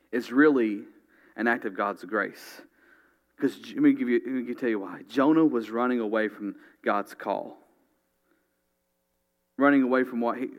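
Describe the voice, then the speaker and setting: A man preaching a sermon, earnestly reading scripture and speaking straight to his congregation. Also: on the low side. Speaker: pastor.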